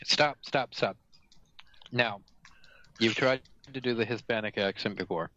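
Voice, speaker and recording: A man's voice: fairly low pitch, a little slow, bright, forceful tone, muffled recording. A man bantering and teasing his co-host during a comedy reading. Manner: teasing, interrupts to joke. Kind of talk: casual banter.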